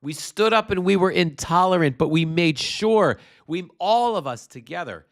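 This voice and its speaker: A man's voice: high-pitched, lively intonation, moderate pace. A man hosting a political livestream, speaking with impassioned, profane emphasis through a congested, drippy voice. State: congested with postnasal drip. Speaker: livestream host.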